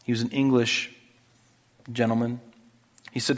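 A male pastor delivering a sermon in a steady middle-pitched voice. He is earnest and pleading, and he swells louder when reading scripture. A long reverb trails each phrase, as in a large hall. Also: moderate pace. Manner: earnest preaching, rising loud and high reading scripture.

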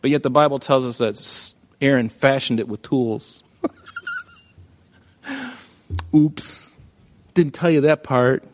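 A male pastor preaching an animated sermon, acting out Bible figures as he goes. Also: mid-range voice.

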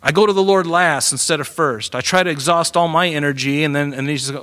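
A man preaching a sermon as pastor, animated and playful, acting out quotes with humor. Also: a little high, fairly quick.

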